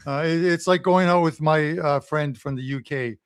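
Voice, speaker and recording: A man's voice: on the high side, moderate pace, clean tone, no echo, studio quality. A man from Canada co-hosting a live sports show, telling joking stories in a casual way with lots of fillers. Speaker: betting show co-host.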